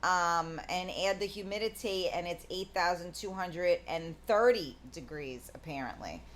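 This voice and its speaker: A woman's voice: lowish voice, normal speed, a bit bright. A woman, hosting a live talk stream in a casual, rambling way with many fillers. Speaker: talk show host.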